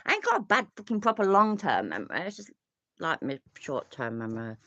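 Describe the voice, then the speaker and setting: A woman's voice: fairly low pitch, big pitch swings, fairly quick, a bit bright, no room sound, muffled recording. A British woman hosting a live reaction stream, chatty and sweary with laughing asides. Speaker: livestream host reacting to videos. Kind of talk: casual live reaction commentary.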